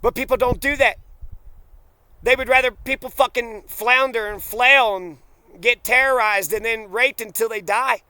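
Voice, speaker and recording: A man's voice: extremely high pitch, moderate pace, bright, forceful tone, clean tone. A man delivering a bitter, profane, accusatory personal rant straight to camera. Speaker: vlogger.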